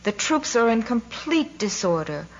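A woman's voice: fairly high pitch, big pitch swings, a little slow, lo-fi sound, heavily acted. A woman reading aloud, voicing a haughty male officer who delivers bad news in a cool, matter-of-fact way. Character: haughty male foreign officer, coolly contemptuous.

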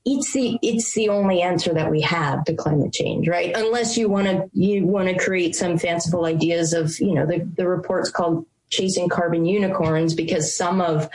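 A woman's voice: on the low side, darkish tone, low-quality recording. A woman interviewed as a report author, answering in an emphatic way and often repeating words as she thinks.

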